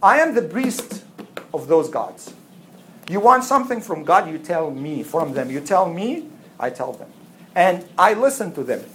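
A woman's voice: lowish voice, big pitch swings, unhurried, fairly bright tone, a little hiss or hum. A woman voicing a scheming man who talks people into worshipping idols with coaxing promises. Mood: smug. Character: scheming man, smooth-talking false priest.

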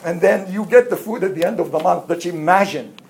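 A woman casually telling a religious story to a child, animated, acting out voices and laughing often. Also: on the low side, fast talker, rough recording.

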